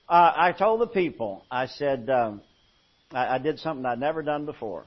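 A male pastor preaches in a folksy storytelling way, his voice sitting a little high for a man. He drops to a hush and then builds up loud. The recording sounds dull and muffled. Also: lively intonation, normal speed. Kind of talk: sermon.

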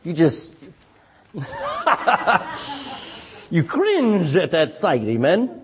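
A pastor preaching a sermon, reading scripture aloud and calling for amens from the congregation, with dramatic swings between loud and hushed delivery. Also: male voice, high voice, huge pitch swings, very slow, a crowd in the background. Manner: asks the congregation for "Amen?" responses; reads scripture in King James wording.

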